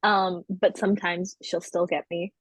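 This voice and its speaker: A woman's voice: fairly low pitch, little pitch movement, measured pace, breathy edge, no room sound, rough recording. A woman co-hosting a casual podcast, talking candidly and with self-mockery, with many fillers. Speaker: podcast co-host.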